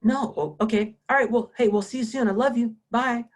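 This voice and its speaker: Man doing his wife, higher pitched, direct, brisk, a bit loud. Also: steady tone, natural voice. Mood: cheery.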